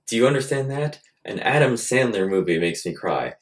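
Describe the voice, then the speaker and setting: A man hosting a comedic monologue, cracking crude, self-mocking jokes and swinging between loud bursts and quiet asides. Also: mid-range voice, expressive, moderate pace. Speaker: host.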